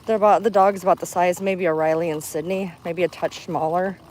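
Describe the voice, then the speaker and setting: A woman's voice: lowish voice, steady tone, fairly quick, darkish tone, a little hiss or hum. A woman vlogging live on a phone while walking outdoors in a park, slightly out of breath and chatty, turning chirpy when she talks to passersby. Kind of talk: casual live walk-and-talk. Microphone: handheld phone.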